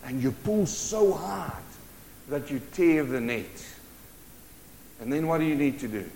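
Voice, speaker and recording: A man preaching a sermon, swinging from loud urgent bursts to hushed, intimate lines. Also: fairly high pitch, lively intonation, unhurried, gravelly, a little hiss or hum. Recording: long hall reverb.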